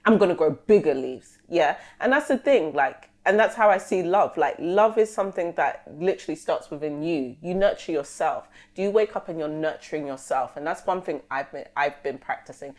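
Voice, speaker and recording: A young woman, co-hosting a casual podcast chat, animated and slangy, acting out conversations. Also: on the low side. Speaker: podcast co-host.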